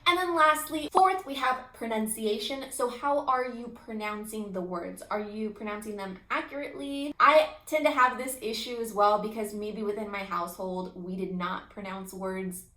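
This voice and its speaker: A woman instructor giving a recorded lecture, energetic and emphatic with an expressive voice. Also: medium pitch, normal speed, hardly any pauses. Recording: echoey room.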